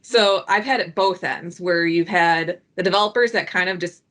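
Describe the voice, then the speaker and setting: A woman talking as a guest on a work podcast, animated and acting out what colleagues say. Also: lowish voice, normal speed. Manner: animated, acts out quoted colleagues in lively voices. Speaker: project delivery guest. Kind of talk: conversational podcast talk.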